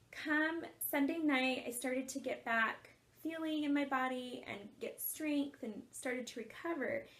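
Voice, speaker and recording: Woman life coach, high voice, heartfelt storytelling with frequent laughs. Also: fairly bright tone. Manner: earnest and emotional, laughs often while telling. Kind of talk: personal storytelling talk.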